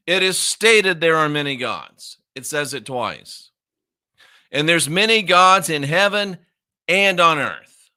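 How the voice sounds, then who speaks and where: A man delivers a confrontational Bible lesson, mocking doubters and hammering each point through repetition. His voice sits a little high and comes across bright and forceful. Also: expressive, slow pace. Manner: combative, mocking, emphatic repetition. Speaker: minister.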